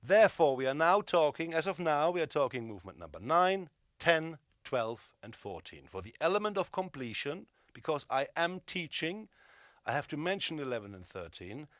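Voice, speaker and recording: An emphatic male drum teacher who counts beats and calls right and left hands aloud, with blunt asides. His voice sits a little high and swings widely in pitch. The sound is dry and close, with no room echo. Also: very animated, moderate pace, fairly bright tone. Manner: opinionated, dismissive asides. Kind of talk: instructional drum lesson.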